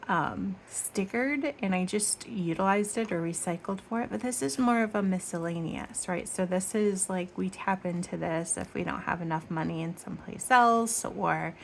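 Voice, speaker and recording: A woman from Michigan with a low, gravelly voice hosts a casual budgeting vlog. She chats in rambling tangents, corrects herself as she goes, and counts bills out loud. There is a faint hiss behind her. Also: normal speed, few pauses. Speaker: budgeting channel host.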